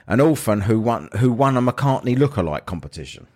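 A man's voice: medium pitch, big pitch swings, fairly quick, darkish tone. A man hosting a casual podcast chat, joking, rambling and laughing often. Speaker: podcast host.

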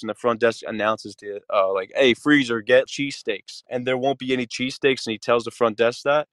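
A man in his thirties co-hosting a casual podcast, telling a work story in an animated way with plenty of swearing. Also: medium pitch, no room sound. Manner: storytelling, animated retelling with curses. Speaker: podcast co-host. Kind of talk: casual chat.

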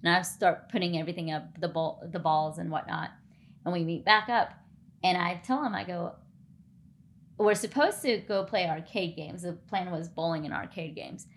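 Her voice is fairly low and her speed normal. This podcast co-host recounts a story in relaxed chat, bringing it to life by performing the dialogue of its characters.

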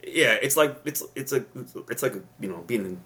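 A man, a retired police officer on a podcast, telling stories with rambling restarts and rising loud when excited. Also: medium pitch, normal speed. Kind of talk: casual storytelling chat.

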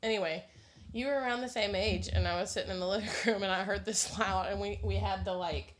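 She talks fast, with a mid-range voice and fairly even intonation. A mom in her thirties and podcast co-host, she tells stories casually, giggling, blunt, and swearing freely.

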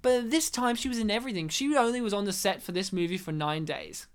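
A woman's voice: mid-range voice, quick pace. A woman from Poland, co-hosting a casual film chat, joking and laughing often as she acts out scenes. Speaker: podcast co-host. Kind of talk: casual chat about films.

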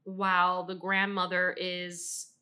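A woman co-hosting a podcast, chatting casually about a book, animated and swearing freely as she acts out her reactions. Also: fairly low pitch, slow. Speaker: podcast co-host. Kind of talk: casual book-review chat.

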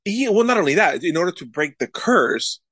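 A man in casual podcast banter who talks fast and insists on his points. The sound is dry and close. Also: high-pitched, sing-song, fairly bright tone, slightly rough, no echo. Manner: quick, emphatic, repeats himself. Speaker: podcast co-host.

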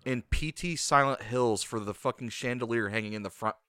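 A man in the middle of his voice retells a film to his co-host with rambling, animated energy. He swears constantly and drops "dude" into his sentences. The sound is dry and close, with no room around it. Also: medium pitch, fairly quick, no echo. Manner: animated storyteller, swears a lot, says "dude". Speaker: podcast co-host. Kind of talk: casual chat, retelling a movie.

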